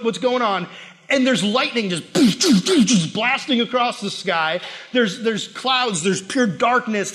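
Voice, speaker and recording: A man's voice: sits high, fairly bright tone, in a large hall. A man, a pastor, delivering a sermon in a conversational, emphatic way and acting out the prayers and complaints he quotes.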